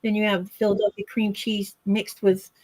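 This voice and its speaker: A woman's voice: medium pitch, little pitch movement, moderate pace, darkish tone, no room sound. Woman, casual chat, matter-of-fact advice, dry close sound. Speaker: guest in a sewing circle chat.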